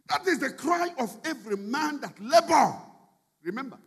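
A man preaching a sermon as a bishop, emphatic and shifting from quiet asides to shouted appeals. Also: sits high, lively intonation, brisk, husky. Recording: long reverb in a large hall.

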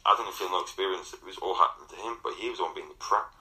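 A man with a Midlands English accent, telling an animated ghost story in casual chat, acting out other people's voices. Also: deep voice, fast talker, low-quality recording. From England. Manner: animated, acts out voices and swears. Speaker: interviewee.

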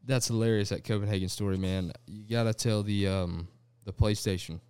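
A man's voice: on the low side, fairly even intonation, brisk, darkish tone, clear, resonant tone, no echo, studio quality. A man casually chatting on a podcast, laid-back and chiming in with short reactions. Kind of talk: casual chat.

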